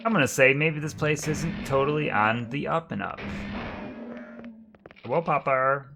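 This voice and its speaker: A man's voice: fairly high pitch, fairly quick, gravelly, music in the background. A man streaming a video game, commentating casually and joking with frequent swearing. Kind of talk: let's-play commentary.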